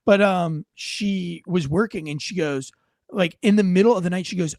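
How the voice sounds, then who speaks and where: A man's voice: high-pitched, normal speed, darkish tone, dry recording, studio quality. A middle-aged man hosting a casual live chat, telling rambling, profane stories and acting out what people said. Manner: rambling storyteller, swears freely, acts out quotes. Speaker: host, former police officer.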